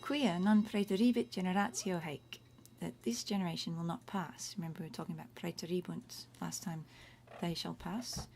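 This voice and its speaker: A woman's voice: lowish voice, steady tone, moderate pace, gravelly, hardly any pauses, a little mellow. A middle-aged woman teaching Latin from home in a casual, chatty livestream, explaining words one by one and breaking off to comment as she goes. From Australia. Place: home room. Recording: faint room noise.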